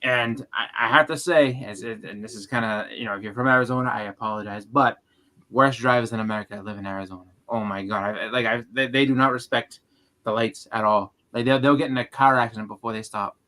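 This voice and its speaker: A man's voice: mid-range voice, fairly even intonation, quick pace, bright, forceful tone. A man in a casual group chat, telling rambling stories and acting out quotes. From Boston area. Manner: rambling storyteller, acts out quotes. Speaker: channel host, comic collector.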